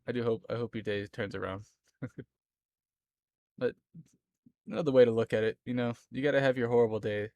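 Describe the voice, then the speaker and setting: A man's voice: mid-range voice, fairly quick, pauses often, mellow, dull audio. A young man from Florida with a Southern accent, chatting casually with viewers on a live stream, rambling and laughing often between lines.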